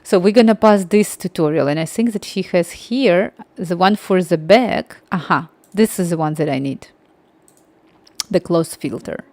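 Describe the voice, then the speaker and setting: A woman's voice: lowish voice, normal speed, darkish tone, no echo. A young woman from Ukraine, chatting casually on a livestream in a rambling way and talking straight to her viewers.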